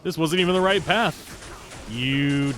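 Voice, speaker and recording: A man's voice: fairly high pitch, takes it slowly, a bit bright, slight background noise. A man streaming gameplay live, chatting in a rambling, self-deprecating way while answering chat. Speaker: streamer playing a game live.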